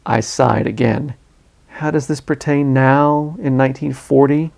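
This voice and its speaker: A man reading his own hardboiled detective novel in a measured, first-person narration. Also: mid-range voice, gravelly, a little mellow.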